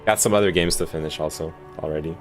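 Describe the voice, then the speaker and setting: A man's voice: very deep voice, fast, soft background music. A man streaming a game, reading his dialogue choices aloud and chatting casually. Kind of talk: casual gameplay commentary.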